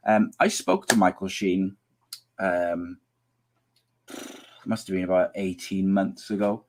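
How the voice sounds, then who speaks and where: Reading out viewer comments and ribbing his live chat, this podcast host is a middle-aged man from Wales whose lowish voice is growing hoarse as he loses it. He keeps a steady tone at a moderate pace, though his casual sentences ramble and start over.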